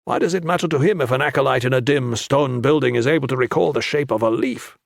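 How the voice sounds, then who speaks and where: A male narrator voicing a stern, cryptic older monk who lectures his pupil through slow, probing questions. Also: medium pitch, vocal fry, no echo, clean studio sound, close to an everyday voice. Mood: stern lecturing.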